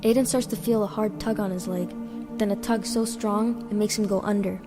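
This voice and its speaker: A woman reading her own short story aloud in a plain, steady way. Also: medium pitch, a little fast. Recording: reverberant with background music.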